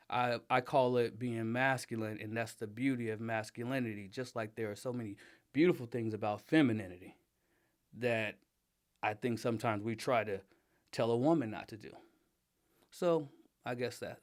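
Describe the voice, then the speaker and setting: A middle-aged man talking casually as an interview guest, emphatic and animated, laughing often and getting loud when riled up. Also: mid-range voice, moderate pace. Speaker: interview guest, father and design director.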